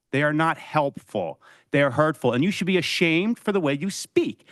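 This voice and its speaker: A man's voice: fairly high pitch, lively intonation, normal speed, fairly bright tone, no echo. A man delivering an angry, confrontational public comment at a council meeting, scolding the official he addresses. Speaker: resident giving public comment. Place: council chamber. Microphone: podium microphone.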